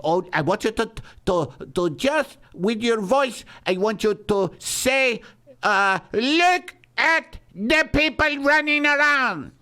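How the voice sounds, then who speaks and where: A man's voice: very high voice, expressive, slow, sharp tone, clear, resonant tone, voice pushed up, full character voice. A man putting on the voice of a dramatic male French vocal teacher, coaching in an exaggerated French accent. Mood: coaxing.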